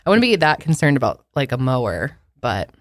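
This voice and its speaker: A woman's voice: extremely low pitch, big pitch swings, fairly quick, dry recording, studio quality. A woman co-hosting a podcast, chatty and laughing a lot as she reacts to news stories. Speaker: podcast co-host. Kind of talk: casual chat.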